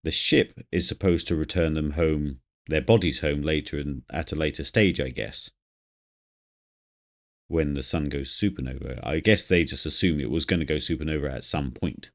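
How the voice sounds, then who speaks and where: This streamer has a very deep voice and talks at normal speed during live game commentary. He rambles and thinks aloud through his gameplay, chatting with viewers and reading chat out loud.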